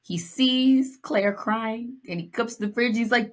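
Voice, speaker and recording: A young woman co-hosting a podcast in casual chat, telling stories with lively acted-out lines and playful asides. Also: fairly high pitch, moderate pace, hardly any pauses. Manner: animated storytelling, acts out lines, playful. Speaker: podcast co-host.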